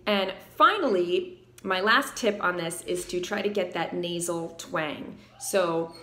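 A woman vocal coach with a low alto voice explaining singing technique and singing short demonstration phrases. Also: slow, pushed and bright, roomy sound, a little hiss or hum. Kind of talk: singing tutorial.

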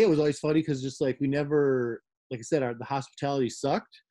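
The guest is a middle-aged man from the Midwest who promotes raves, and he wanders through stories casually, laughing frequently and using plenty of fillers. His voice is mid-range and dark-toned, fairly even in intonation, and a little fast.

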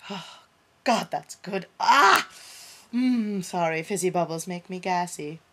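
A woman's voice: on the low side, animated, takes it slowly, a bit bright, slight background noise. A woman playing a vain, vampish soap opera character, mock-seductive and over-dramatic in a comic parody.

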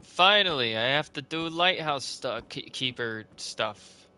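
A man's voice: mid-range voice, lively intonation, measured pace, pushed and bright, clear, resonant tone. A man giving sarcastic, swear-filled commentary on a horror game as he plays, talking to himself and putting on a half-hearted accent. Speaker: let's play gamer. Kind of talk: casual gameplay commentary.

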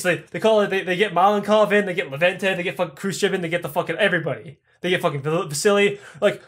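A man's voice: high-pitched, fast, hardly any pauses, fairly bright tone. A man telling history as a comedy story, swearing a lot and acting out people's lines. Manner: crude, profane, acts out characters' lines. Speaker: podcast host.

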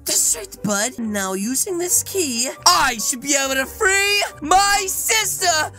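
A woman with a high voice hosts a playful game role-play video, narrating her moves and chatting to viewers in a silly, animated way. Faint music plays behind her. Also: slow pace. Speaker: gaming video host.

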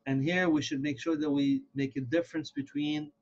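A man teaching a recitation lesson in a patient, step-by-step way, pausing to sound out words slowly so they can be copied. His voice sits a little high for a man. The recording is dull and lo-fi. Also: fairly even intonation, a little mellow. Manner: patient, repeats words slowly to model pronunciation. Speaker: Quran reading teacher. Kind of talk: explanatory lesson with recited examples. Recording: dull lo-fi audio.

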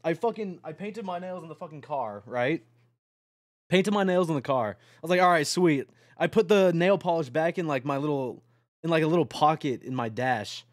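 A young man talks to his stream late at night, his voice sitting high for a man. He rambles, swears freely and gets excitable. The sound is dry and close, with no room around it. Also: normal speed, no echo.

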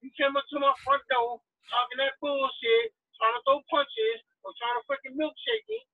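A man's voice: extremely high pitch, sing-song, normal speed, dry recording. Blunt, profane man on a tinny call. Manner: blunt, profane, mocking impressions. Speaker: interview guest, truck driver. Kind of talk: animated casual conversation. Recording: tinny phone-line audio, dry.

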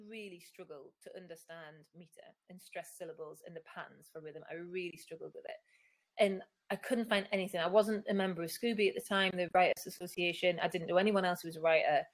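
A middle-aged woman author talking casually in an interview, chatty and self-deprecating, acting out other people's lines as she tells stories. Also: fairly low pitch. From Newcastle, England. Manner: chatty, self-deprecating, acts out quoted voices. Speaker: picture book author, guest.

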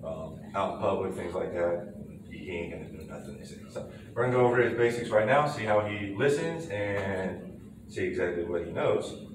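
Relaxed man, distant and echoey. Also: low voice, moderate pace. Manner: relaxed, loose, many fillers. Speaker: dog trainer. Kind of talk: casual explanatory talk to camera. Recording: roomy, distant camera audio with background noise.

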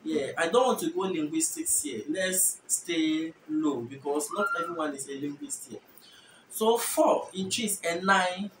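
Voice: medium pitch, expressive, measured pace. A Ghanaian-accented host whose first language is Efutu, explaining language differences in a casual, thinking-aloud way with self-corrections. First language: Efutu (Guan). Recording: echoey room, distant mic, faint noise.

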